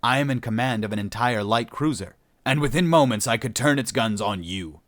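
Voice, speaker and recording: A man voicing a hot-tempered alien male starship commander who snarls orders and shouts in rage. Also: medium pitch, expressive, brisk, no echo, clean studio sound, close to an everyday voice. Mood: cold.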